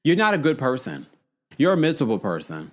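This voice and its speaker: Animated gossipy man recapping reality TV. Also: mid-range voice, a little fast. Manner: gossipy, animated, laughs often. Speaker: podcast host. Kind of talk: casual reality TV recap with live chat.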